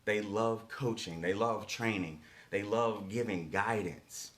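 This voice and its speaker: A man's voice: on the low side, slow, a bit bright. A man giving a motivational coaching talk, emphatic and repetitive, often checking in with rhetorical questions. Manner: emphatic, repeats key lines, rhetorical "right?" checks.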